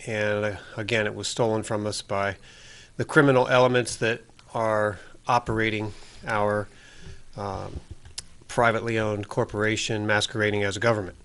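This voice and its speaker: A man hosting a local public-access cable talk show, speaking earnestly and haltingly with many fillers. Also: fairly low pitch, flat delivery, fairly bright tone. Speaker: host.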